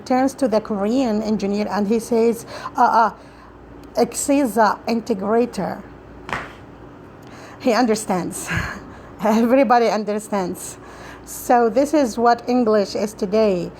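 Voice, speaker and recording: A woman reciting a prepared talk for practice, pausing and restarting often and making small grammar slips. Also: medium pitch, a little mellow, slight background noise, poor audio. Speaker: student practicing a speech.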